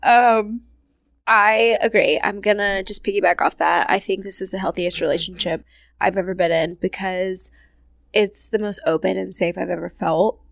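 A woman's voice: mid-range voice, fairly even intonation, normal speed, gravelly, dry recording, studio quality. A woman hosting a casual podcast chat, emotional and often laughing, swearing casually. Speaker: podcast host.

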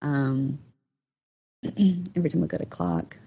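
Low-voiced woman telling a story. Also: a little slow, breathy edge. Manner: animated, many fillers. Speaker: guest telling a personal story. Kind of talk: casual storytelling. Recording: dull, slightly noisy sound.

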